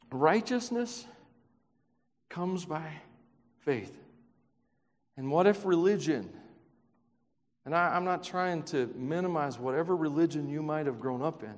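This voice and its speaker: High-voiced preacher in a reverberant hall. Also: male voice. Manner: swings from loud, emphatic preaching to quiet, hushed questions; self-deprecating asides with light laughter. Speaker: pastor. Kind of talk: sermon. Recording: long reverb of a large hall.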